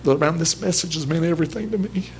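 A man's voice: on the high side, fast, slight background noise. A man preaching a sermon at a church service, folksy and emphatic, in plain everyday speech.

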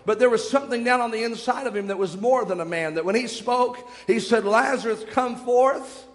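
A man's voice: sits high, fast talker, big-room sound. A young man preaching a sermon, retelling scripture stories with dramatic shifts in pace.

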